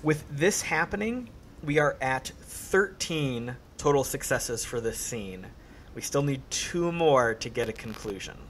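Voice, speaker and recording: A man running a tabletop horror game as game master, calm and encouraging, with faint background noise. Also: medium pitch, a little slow. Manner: calm, encouraging, dramatic narration at the close.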